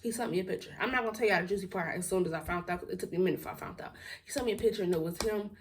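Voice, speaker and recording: A woman's voice: fairly low pitch, rapid-fire, far from the mic. Blunt young woman telling a storytime. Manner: outspoken, blunt, with frequent laughs and swearing. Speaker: storytime vlogger. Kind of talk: casual storytelling to camera.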